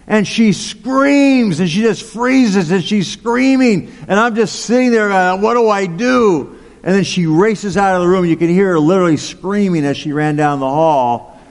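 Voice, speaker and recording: A man's voice: high-pitched, moderate pace. A male pastor preaching a sermon, telling a personal story in a chatty way with asides like "okay?" and "right?". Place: large church hall. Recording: long hall reverb.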